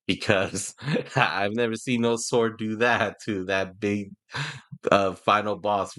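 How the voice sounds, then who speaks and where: A man's voice: on the low side, fairly bright tone. A man reviewing a TV show in a casual, rambling way, often laughing and getting emotional. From Houston, Texas. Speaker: movie and TV reviewer.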